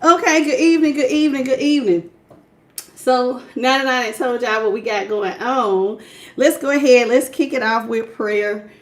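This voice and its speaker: A woman's voice: a little high, normal speed. A woman doing a live tarot reading, chatting casually, greeting viewers by name and laughing often. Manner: casual, folksy talk. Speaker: tarot reader.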